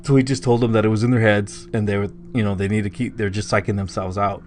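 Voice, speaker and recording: A man's voice: on the low side, level tone, fast, a little mellow, a little hiss or hum. A man casually telling a spooky story on a podcast, rambling with lots of filler words. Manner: rambling, full of "like" and "you know". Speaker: podcast co-host.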